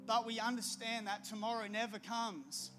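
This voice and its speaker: A man's voice: high-pitched, flat delivery, moderate pace, over music. A middle-aged man, preaching a sermon with a conversational, storytelling manner. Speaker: pastor.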